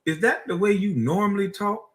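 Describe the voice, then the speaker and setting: A man's voice: high-pitched, normal speed. A man with a Gullah Geechee accent from South Carolina, hosting a heated reaction stream and firing back mocking insults. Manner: mocking, combative, laughs at his own insults. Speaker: streamer host.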